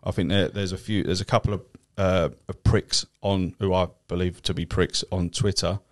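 A man's voice: low-pitched, level tone, normal speed. A man with a London accent chatting casually as a podcast co-host, sweary and rambling, often breaking into laughs. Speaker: podcast co-host, cab driver. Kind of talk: casual chat.

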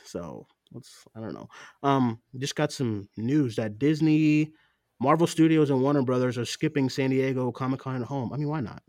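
A man co-hosting a casual podcast at a mid pitch, rambling and filler-heavy with quick laughs. His voice sounds close and dry, with no room behind it. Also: darkish tone, no room sound. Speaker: podcast co-host. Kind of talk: casual chat review.

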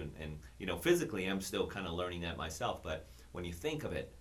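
Deep-voiced reflective podcast host. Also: male voice, big pitch swings, fast talker. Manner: reflective, with frequent restarts and "you know". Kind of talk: casual interview talk.

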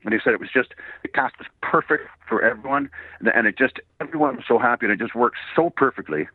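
A man from Canada, slightly hoarse, telling rambling stories as a guest voice actor, laughing often and acting out quoted voices. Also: medium pitch, quick pace, no room sound. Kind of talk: casual interview storytelling. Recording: tinny phone line.

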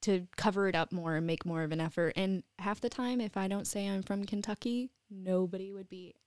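Woman podcast guest, mid pitch, neutral accent, upbeat and chatty, dry studio sound. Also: a little fast, no echo. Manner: lively, chatty, laughs often. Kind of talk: casual interview chat.

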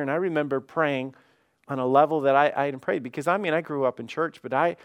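A man's voice: a little high, quick pace, smooth. A man, a pastor, preaching a fervent sermon with emphatic repetitions.

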